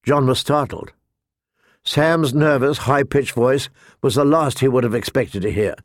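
A man narrating an audiobook in a slow, measured reading. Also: mid-range voice, no room sound, clean studio sound.

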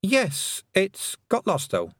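A man voicing a polite, earnest young girl who answers haltingly. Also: wildly swooping pitch, fairly bright tone, dry recording, clean studio sound, exaggerated voice. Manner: high and hesitant.

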